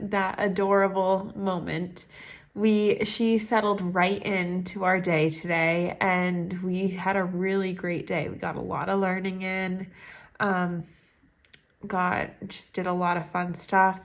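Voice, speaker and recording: A woman's voice: medium pitch, steady tone, measured pace. A young woman, a third grade teacher, chatting at home into a phone held up in front of her, gushing and full of "like"s and little laughs. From Maine, USA. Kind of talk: casual vlog chat to camera. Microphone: phone held up to the face.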